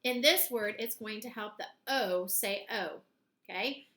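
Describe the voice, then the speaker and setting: A woman teaching a phonics lesson to young children, speaking slowly and clearly and sounding out words in parts. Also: mid-range voice, fairly bright tone. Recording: echoey room.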